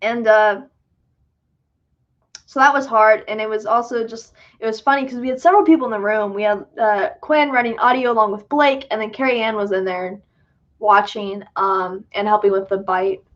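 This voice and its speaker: A woman's voice: mid-range voice, steady tone, moderate pace, a bit bright. A young woman hosting a casual livestream Q&A, chatty and self-deprecating, with lots of fillers and laughs. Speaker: livestream host and filmmaker. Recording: dull lo-fi sound.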